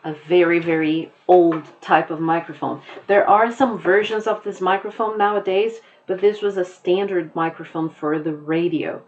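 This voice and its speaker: A woman teacher giving a lecture on a poem, explaining slowly and rephrasing as she goes. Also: fairly low pitch, fairly even intonation, dull audio, a little hiss or hum. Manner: slow, explanatory, repeats and rephrases.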